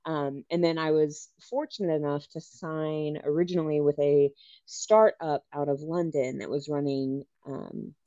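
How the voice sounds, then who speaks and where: A talkative woman author chats on a podcast in a bubbly way, full of fillers. Her voice sits on the low side, and the sound is dull and lo-fi with no room echo at all. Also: steady tone, a little slow, warm tone. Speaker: author guest. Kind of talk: casual interview chat.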